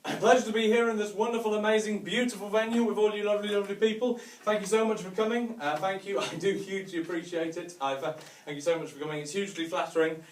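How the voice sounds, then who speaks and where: Man, Northern English accent, stand-up comedian, self-mocking, fairly high voice, echoey hall. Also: fairly even intonation, fast talker. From Northern England. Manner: chatty, self-mocking, with mild swearing. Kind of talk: stand-up routine. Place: large hotel venue with a live audience. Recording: echoey room, distant mic, faint noise.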